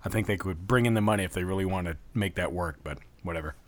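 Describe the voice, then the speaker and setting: A man's voice: low voice, fast, noisy background. A man hosting a podcast, introducing calls and reacting with profane, laughing remarks. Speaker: podcast host. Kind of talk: casual chat.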